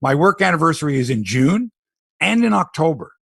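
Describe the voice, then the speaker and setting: Gravelly-voiced middle-aged man ranting on sports. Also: a little high, brisk, dry recording, studio quality. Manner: animated, ranting, sarcastic. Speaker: sports podcast host. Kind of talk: casual sports podcast chat.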